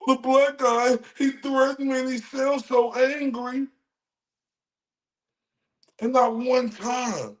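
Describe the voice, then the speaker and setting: A man mimicking a shrill, whiny accusing woman. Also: steady tone, slow pace, pauses often, roomy sound. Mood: mock-offended.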